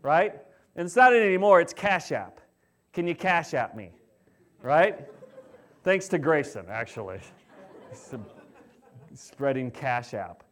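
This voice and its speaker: A middle-aged man preaching a sermon in a conversational way, often asking the congregation questions and dropping to a hushed, solemn tone when reading scripture. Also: on the high side, sing-song, takes it slowly, pauses often. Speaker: pastor.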